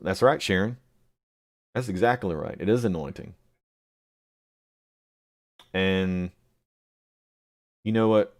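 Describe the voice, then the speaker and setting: A man hosting a live chat, answering viewers by name and rambling with many pauses and fillers. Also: low-pitched. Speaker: livestream host reading chat.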